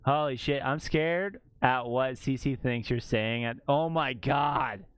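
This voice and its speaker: A man's voice: medium pitch, slow, clear, resonant tone, dry recording. A man streaming, chatting casually while editing photos, joking and laughing often.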